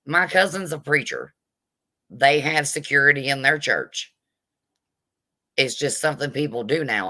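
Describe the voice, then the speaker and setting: A woman with a bright, forceful voice rants bluntly with plenty of sass. Her tone is indignant as she runs a live vlog commentary and stops to greet her viewers. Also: very deep voice. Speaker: vlogger.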